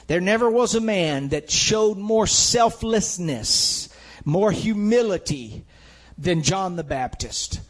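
A man's voice: high voice, animated, takes it slowly. A man preaching a sermon with an emphatic, repetitive cadence, building his points through rhetorical questions.

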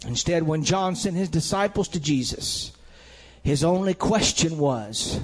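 A man with a notably high voice delivers a sermon. He preaches with emphasis, repeating phrases and asking rhetorical questions as he builds each point. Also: animated, measured pace.

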